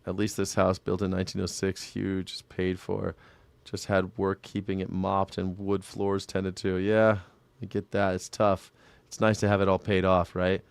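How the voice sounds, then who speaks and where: A man's voice: deep voice, monotone, moderate pace, gravelly, clean tone, no room sound. A male independent commentator chatting casually with his stream viewers, rambling, sarcastic and full of profanity. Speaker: independent news and culture commentator. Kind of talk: casual livestream chat reading viewer comments.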